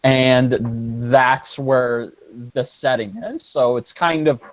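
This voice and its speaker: A podcast co-host in casual chat, excitable and quick to exclaim. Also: medium pitch, no room sound.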